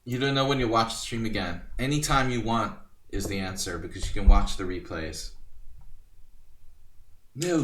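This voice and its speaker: A man from Hungary chats casually through a live blitz chess stream, rambling to viewers between moves. He pokes fun at himself as he goes. His voice sits low, and the sound comes from a distant mic with a roomy echo. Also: lively intonation, normal speed, pauses often, fairly bright tone. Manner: chatty, self-deprecating, rambling asides to chat.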